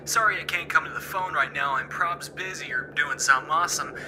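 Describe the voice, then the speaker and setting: A man's voice: a little high, fairly quick, background noise. An actor playing a laid-back, jokey young man heard on his own voicemail greeting. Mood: breezy. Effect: voicemail phone playback.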